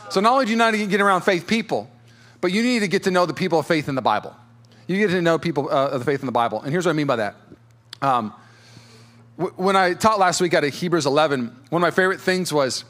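A young man who pastors a church, preaching a sermon in his sanctuary with animated storytelling and frequent filler words. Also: fairly high pitch. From California, USA.

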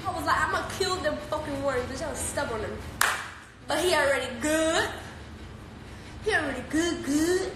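Teenage girl streamer with a high voice, profane and playful, recorded on a phone in an echoey, noisy room. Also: moderate pace, long pauses. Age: teens. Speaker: live streamer. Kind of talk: casual live-stream chat reading viewer comments.

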